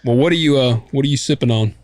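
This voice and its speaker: A man's voice: mid-range voice, fast talker, a little mellow, dry recording. A man hosting a podcast, chatting easily and reading listener reviews aloud with loose banter. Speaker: podcast host. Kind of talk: casual chat.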